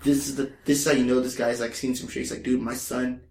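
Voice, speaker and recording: A man's voice: mid-range voice, little pitch movement, fast, vocal fry, a little mellow, roomy sound. A man co-hosting a podcast, telling a story in casual chat, swearing freely and acting out the quotes. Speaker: podcast co-host.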